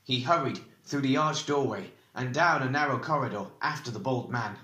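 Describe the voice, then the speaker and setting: A man narrating a fantasy audiobook chapter in a measured, even reading. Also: mid-range voice, echoey room.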